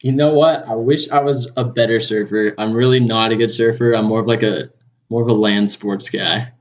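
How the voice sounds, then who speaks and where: A man's voice: lowish voice, steady tone, normal speed. Twenty-something Southern California guy, laid-back guest, slightly dull audio. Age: 20s. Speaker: podcast guest. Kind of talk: casual interview.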